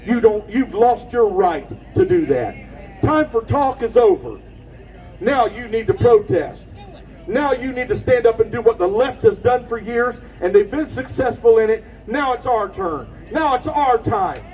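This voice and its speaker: A man giving an impassioned rally speech outdoors, preaching and shouting at the crowd. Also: extremely high pitch, animated, a little slow, far from the mic, poor audio. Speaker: rally speaker.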